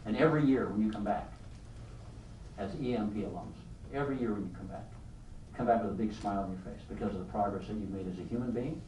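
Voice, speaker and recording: An older man giving a motivational leadership talk to a live audience, an animated storyteller who keeps asking the room questions. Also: fairly low pitch, echoey room, distant mic, slight background noise, low-quality recording. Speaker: leadership speaker.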